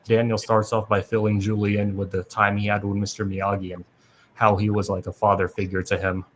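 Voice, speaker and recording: A man with a deep, monotone voice reads a plot summary for his podcast. He keeps a steady read-aloud pace and restarts a word here and there. A soft background hiss sits beneath him. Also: fairly quick. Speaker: podcast host. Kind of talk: reading a plot recap aloud.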